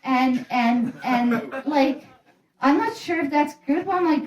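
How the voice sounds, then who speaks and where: High-voiced woman rambling on stage. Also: expressive, unhurried. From Netherlands. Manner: rambling, profane, self-deprecating. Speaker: stand-up comedian. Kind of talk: casual stand-up storytelling. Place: room in a private house. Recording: roomy echo.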